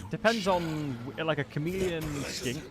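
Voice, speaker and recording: A man's voice: a little high, normal speed, music in the background. A man with a non-southern English accent chats casually on a live game stream, greeting viewers by name between bursts of commentary. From England. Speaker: gaming livestreamer.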